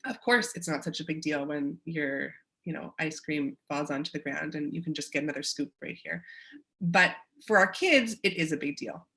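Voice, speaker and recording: A woman's voice: deep voice, normal speed, vocal fry. Canadian woman presenting a parenting webinar. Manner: warm, encouraging, acts out short quotes.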